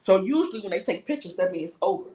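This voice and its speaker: With background noise behind her, this livestream host speaks at a medium pitch and a quick pace. Her story comes out as an animated, cursing rant, and she acts out each character's voice.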